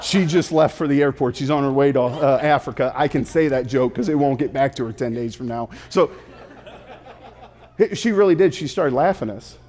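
A pastor in his thirties preaching a sermon, telling stories playfully and slipping into quick put-on voices. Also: medium pitch, a little mellow.

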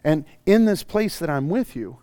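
A male pastor delivering a sermon in a fairly high voice, recorded close and dry with almost no room sound. He tells stories with animated swings between loud, bright bursts and low, hushed stretches. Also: normal speed, clear, resonant tone, dry recording.

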